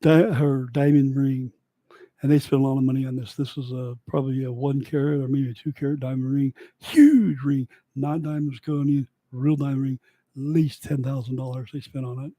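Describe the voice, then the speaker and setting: A man's voice: medium pitch, fairly even intonation, normal speed, warm tone, no room sound. A man telling a personal story in a casual, rambling way that drifts off into side thoughts. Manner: rambling, digressive.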